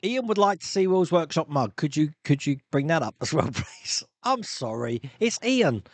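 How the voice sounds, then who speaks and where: A man's voice: on the high side, very animated, normal speed, dry recording. A man hosting a live stream, chatting casually and rambling through viewer comments with frequent laughs and restarts.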